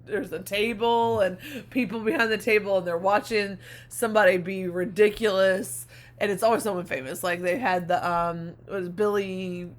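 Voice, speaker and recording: A woman with a mid-range voice co-hosts a podcast in relaxed casual chat. She tells her stories loosely and laughs easily as she goes. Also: mid-range voice, moderate pace. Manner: laughs often, loose storytelling. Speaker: podcast co-host.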